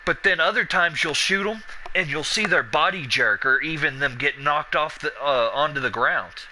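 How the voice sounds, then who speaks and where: Sharp-voiced profane man telling stories. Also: fairly high pitch, moderate pace, slight background noise, rough recording. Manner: profane, animated, acts out quoted dialogue. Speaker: gameplay commentator. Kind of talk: casual let's-play chat with storytelling.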